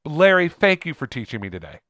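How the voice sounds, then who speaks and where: A man co-hosting a casual podcast chat, talking earnestly with halting restarts. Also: on the high side, very animated, fairly bright tone. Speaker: podcast co-host.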